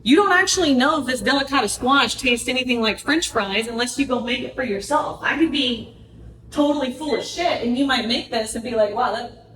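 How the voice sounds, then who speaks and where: A woman's voice: high-pitched, fairly quick, fairly bright tone, slight background noise. A woman hosting a casual cooking vlog with life advice, speaking in a chatty, earnest way and correcting herself as she goes. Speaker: wellness podcast host. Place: home kitchen. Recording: echoey kitchen, voice from far off.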